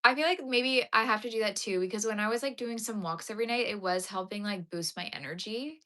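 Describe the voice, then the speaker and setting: A woman's voice: mid-range voice, fairly quick, pushed and bright. Sleepy woman rambling to her stream chat from home, lots of ums, yawning a lot. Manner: tired, rambling, yawning, many fillers. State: tired and yawning. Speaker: crochet streamer. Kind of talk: casual live-stream chat. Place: home, talking to a live chat.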